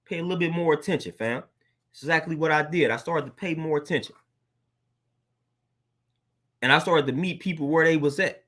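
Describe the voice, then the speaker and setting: High, bright-voiced man preaching casually. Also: brisk, pauses often. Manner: earnest and preachy, repeats "man" and "fam". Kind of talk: casual motivational monologue.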